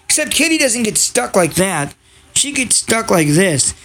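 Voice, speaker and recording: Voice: mid-range voice, sing-song, unhurried. A podcast host in a casual, rambling monologue, profane and sarcastic. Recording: loud background noise and crowd chatter.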